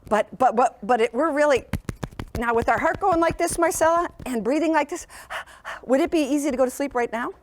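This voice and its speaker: A woman's voice: high-pitched, brisk, slight background noise. A woman presenting a sleep program in a school classroom, talking to young children in an encouraging, sing-song teacher manner and often checking in with them.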